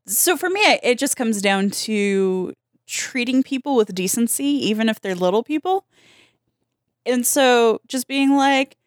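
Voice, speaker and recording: A woman's voice: a little high, expressive, measured pace, no echo, studio quality. A woman co-hosting a casual podcast, reacting with indignation while recapping a cartoon. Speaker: podcast co-host.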